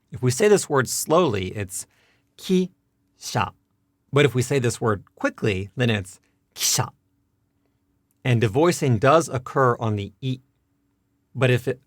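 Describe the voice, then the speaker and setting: Male teacher, mid pitch, dry studio sound, patient explainer. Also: no room sound. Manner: patient, repeats words slowly to demonstrate. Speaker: language teacher. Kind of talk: explanatory lesson.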